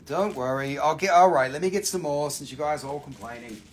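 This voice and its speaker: Brief: man on a live-stream sale, slightly raised pitch, loose and profane, answers viewers as he goes. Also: a little fast, a little hiss or hum. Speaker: crystal seller hosting a live sale. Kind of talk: casual live-stream sales chat.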